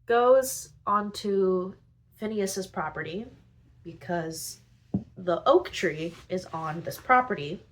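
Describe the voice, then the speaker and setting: On this low-quality recording with slight background noise, a podcast host summarizes story plots in a breezy, talkative way. Her mid-range voice has lively intonation, and she sprinkles in "like" and frequent side comments.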